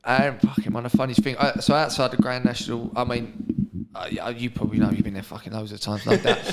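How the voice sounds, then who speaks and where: A man's voice: medium pitch, flat delivery, fast, heavy background noise. A man hosting a comedy podcast, laughing and swearing loosely as he chats and tells stories. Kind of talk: casual podcast chat.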